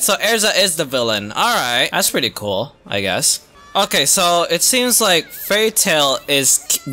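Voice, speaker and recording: A man hosting an anime reaction video, talking casually with lots of slang and breaking into sudden high yelps and gasps. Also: bright, forceful tone. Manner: casual slangy talk with many restarts. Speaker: anime reaction channel host. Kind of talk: live reaction commentary.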